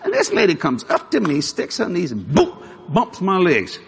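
Male preacher, high animated delivery, chuckling storyteller, faint background hum. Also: normal speed, creaky. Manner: animated, chuckling, shouts for emphasis. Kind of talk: storytelling sermon.

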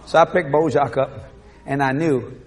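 A man preaching with comic storytelling, animated and laughing as he acts out scenes. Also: a little high, moderate pace.

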